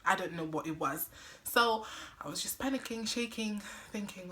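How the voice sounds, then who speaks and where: A young woman vlogger telling a personal story, animated and dramatic, acting out what everyone said. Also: medium pitch, moderate pace, a little hiss or hum. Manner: animated, dramatic retelling with acted-out quotes. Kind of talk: storytime vlog.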